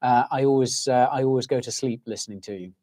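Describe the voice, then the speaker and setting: A man's voice: medium pitch, fast talker, mellow. A middle-aged English man hosting a livestream in casual chat, with a soothing, soporific voice, rambling and ranting as he reacts to viewers' comments. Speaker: livestream host.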